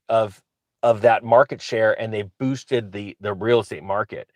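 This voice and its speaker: A man hosting his own channel, talking casually to camera in an excitable, rambling way with frequent restarts. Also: mid-range voice, no echo. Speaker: real estate investor and channel host.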